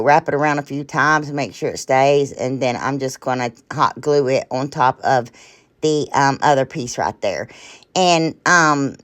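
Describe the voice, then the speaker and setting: Brief: woman host, low voice, loose rambling craft tutorial talk, keeps saying y'all and sorry. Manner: rambling, chatty, often trails off and apologizes; addresses viewers as y'all. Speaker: DIY crafting channel host. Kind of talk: casual craft tutorial narration.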